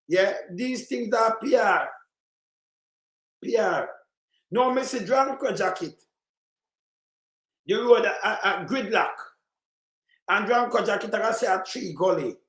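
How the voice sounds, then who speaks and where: A Jamaican man giving an emphatic political commentary in patois, often breaking into shouts. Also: high-pitched, roomy sound. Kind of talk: ranting commentary over clips.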